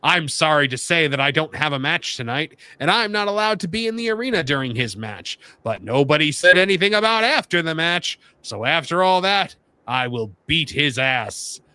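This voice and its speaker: A man putting on a slow, low cowboy drawl to read out a wrestler's promo. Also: sing-song, bright, forceful tone, clean tone, no room sound. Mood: earnest.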